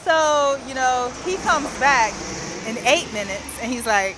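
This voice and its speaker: A woman's voice: high-pitched, animated, a little slow, background noise. A woman, ranting in a chatty, rambling way about her day and acting out what other people said in her own voice. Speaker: vlogger. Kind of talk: casual rambling rant.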